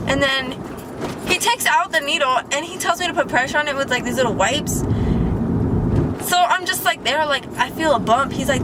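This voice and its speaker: A woman's voice: high voice, a little fast, background noise. A teenage girl telling a casual storytime vlog from inside a car, chatty and full of "like", acting out what people said. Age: teens. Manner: chatty, lots of "like" and acted-out quotes. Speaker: vlogger.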